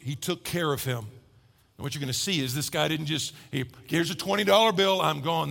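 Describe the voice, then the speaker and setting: Gravelly, bright-voiced pastor preaching. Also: male voice, a little high, long reverb tail. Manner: animated, acts out characters' voices. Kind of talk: sermon. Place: church hall.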